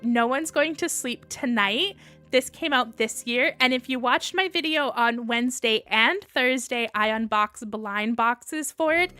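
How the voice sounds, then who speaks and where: Slow, bright-voiced young woman streamer. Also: a little high, clear, resonant tone. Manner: chatty, reads and answers viewer comments. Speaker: livestream host. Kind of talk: casual livestream chat.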